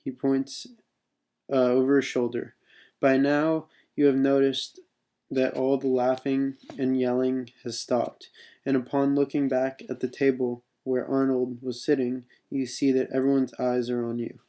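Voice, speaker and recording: A man reads his own second-person adventure text in a casual, unpolished way. His voice is mellow and stays fairly flat in pitch. He breaks off now and then with spoken asides. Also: unhurried. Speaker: writer reading his own mission text.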